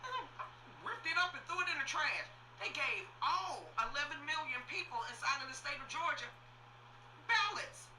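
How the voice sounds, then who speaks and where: A woman's voice: high voice, lively intonation, normal speed, noisy background. A woman hosting casual political commentary, sassy and exasperated, mocking the people she talks about.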